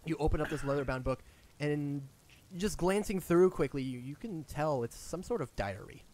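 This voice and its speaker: A man's voice: a little high, lively intonation, normal speed, darkish tone. A man running a tabletop game as game master, narrating casually with restarts and spoken sound effects.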